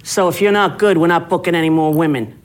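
A middle-aged woman, a comedian telling stories in a casual interview and acting out quotes with big jumps in pitch. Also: quick pace, low-quality recording. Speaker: comedian guest.

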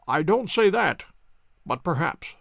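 Man doing a cool reserved detective, even and deliberate, dry recording. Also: a little high, creaky, no room sound, exaggerated voice. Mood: measured reserved. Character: calm, reserved male detective.

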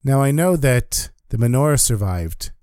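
A stubborn older shop owner, as a male storyteller puts him on, firm and explaining. The voice is mid-pitched and close, with a dry sound. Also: expressive, normal speed, a little mellow, no echo, lightly acted.

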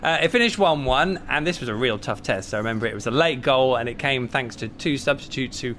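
A man hosting a casual football podcast from a café, jovial and quick to laugh. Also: mid-range voice, a bit bright, a little hiss or hum. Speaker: podcast host.

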